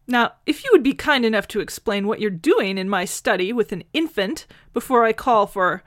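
A woman's voice: medium pitch, lively intonation, normal speed, dry recording, clean studio sound, pitched above the performer's own voice, lightly acted. A woman voicing a fussy, haughty old man who speaks primly and indignantly, often ending with a questioning "hmm".

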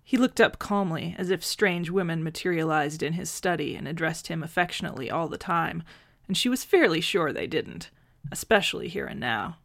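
A woman reading fan fiction aloud in a gentle, measured narrating voice. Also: low voice, lively intonation, creaky. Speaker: audiobook reader.

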